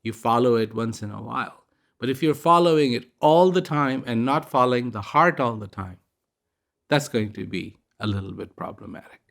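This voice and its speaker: Brief: man, gravelly voice, unhurried reflective speaker. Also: mid-range voice. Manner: storytelling, gentle, with fillers. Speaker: speaker giving a reflective message. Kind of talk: casual spiritual talk with a parable.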